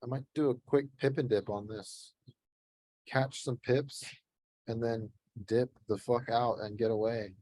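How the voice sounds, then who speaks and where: A man hosts a casual voice-call chat, coaching in a blunt, laid-back way with plenty of casual swearing. His voice sits at an ordinary pitch. The sound is close and dry, with no room around it. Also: steady tone, a little slow, a little mellow, dry recording. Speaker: host streaming live trades.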